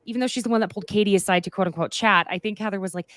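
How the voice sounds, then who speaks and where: A woman's voice: mid-range voice, racing, few pauses, fairly bright tone, no echo. Chatty woman, sarcastic and dry-sounding. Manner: chatty, laughs often, sarcastic asides. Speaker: podcast host. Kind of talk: casual chat recapping a reality show.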